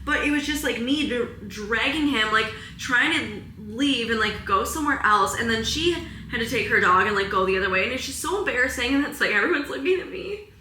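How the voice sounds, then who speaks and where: A young wellness vlogger, teary and nearly crying, rambles emotionally through a confessional vlog at home in her apartment, saying "like" constantly. Her fairly high voice is bright and forceful, fairly quick with lively intonation, and the low-quality recording is reverberant with a little hiss or hum.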